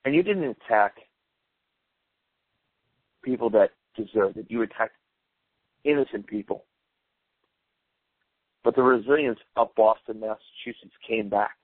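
A man's voice: fairly low pitch, lively intonation, no echo. Earnest man giving a solemn dedication. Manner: earnest, measured, rallying. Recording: dry, phone-like narrow sound.

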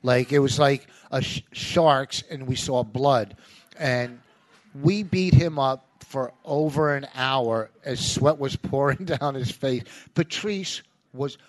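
A middle-aged man, a comedian co-hosting a podcast, telling club stories in a lively way and laughing mid-sentence. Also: medium pitch, slow pace. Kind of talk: casual podcast chat. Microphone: studio microphone.

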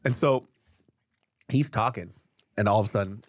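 A man co-hosting a podcast, telling a story in casual, profane chat and getting loud when worked up. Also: on the low side, normal speed, no echo. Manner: animated, profane, jumps to shouting when riled. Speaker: podcast co-host. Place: podcast studio.

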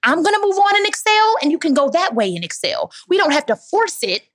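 A woman's voice: extremely high pitch, big pitch swings, brisk, no room sound, studio quality. A woman speaking as guest at a live Q&A, answering audience questions in an emphatic, motivational way and calling listeners "baby". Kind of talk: live Q&A talk.

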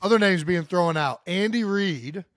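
A man's voice: high-pitched, a little slow, fairly bright tone, dry recording, clean studio sound. A man in his thirties from Ohio, co-hosting a casual sports podcast and bluntly ribbing his brother. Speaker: podcast co-host.

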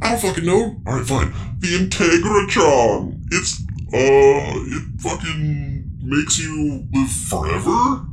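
A man putting on a high, strained voice to pretend to be a famous dead inventor, bumbling and unsure of himself. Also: sing-song, takes it slowly, background noise, exaggerated voice. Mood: flustered. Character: man faking Nikola Tesla over walkie-talkie, clumsy.

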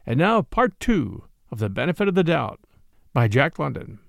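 A man reading a classic short story aloud as narrator, with an expressive, dramatic delivery. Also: medium pitch, normal speed, gravelly, no room sound, studio quality.

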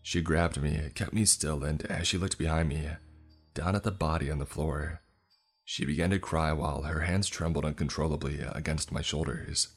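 A man narrates a horror story in a tense, measured way, his voice very deep and husky. Faint music plays under the reading. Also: fairly even intonation.

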